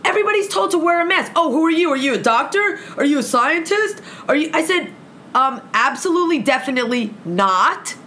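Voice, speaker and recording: High, bright-voiced woman ranting profanely. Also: brisk. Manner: profane, animated, acts out both sides of an argument. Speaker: guest telling a story. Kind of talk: heated storytelling in casual chat.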